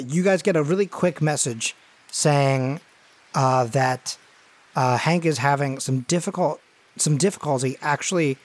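A man narrating a tabletop game as game master, in a casual style full of fillers and loose asides. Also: medium pitch.

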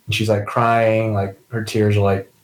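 In a reverberant, low-quality recording, a player in a tabletop role-playing game narrates what his character does. His fairly low voice is level and a little slow, and he rambles with heavy use of "like".

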